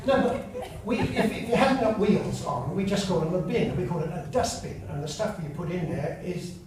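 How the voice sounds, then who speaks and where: Older English comic, high voice, echoey hall. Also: male voice, animated, moderate pace. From England. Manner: chatty, teasing asides to the audience. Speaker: comedian and after-dinner speaker. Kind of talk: stand-up storytelling. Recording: echoey hall from far off, loud noise.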